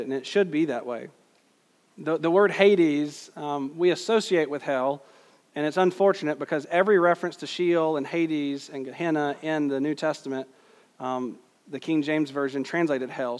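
Emphatic male pastor, reverberant hall. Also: a little high. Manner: earnest, emphatic preaching with slow stressed quotes. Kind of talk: sermon.

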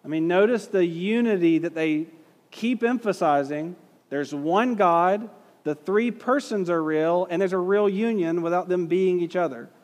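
A man teaches a class, talking in a relaxed, conversational way and reading passages aloud. His voice sits a little high, and he hits key words hard and puts questions to the room. A long reverb trails behind him, as in a large hall. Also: measured pace. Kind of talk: classroom lecture reading historical quotes.

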